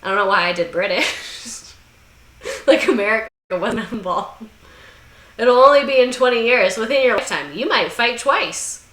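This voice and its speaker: Sassy young woman host, crisp bright tone in an echoey room, swears freely and riffs sarcastically. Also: a little high, lively intonation, moderate pace. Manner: irreverent, swearing, sarcastic asides; slips into mocking voices. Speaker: video essay host. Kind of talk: comedic history commentary. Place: room under bright lights.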